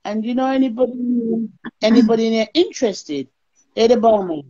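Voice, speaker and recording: A woman's voice: fairly high pitch, moderate pace. A woman, telling her story as an interview guest and acting out other people's lines. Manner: animated, acts out others' lines. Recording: lo-fi call audio.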